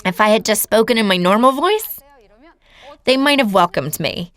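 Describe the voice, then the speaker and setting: A woman's voice: on the high side, animated, normal speed, fairly bright tone, dry recording. Earnest woman telling her story. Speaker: seminar speaker. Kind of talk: personal testimony lecture.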